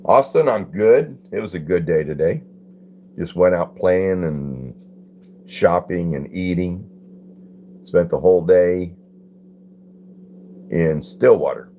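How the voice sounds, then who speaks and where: Man, deep and mellow, easygoing host reading viewer comments on a phone stream. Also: expressive, slow, long pauses, muffled recording, a little hiss or hum. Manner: laid-back, greets chatters by name and reads comments aloud. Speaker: livestream host. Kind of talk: casual livestream chat with viewers.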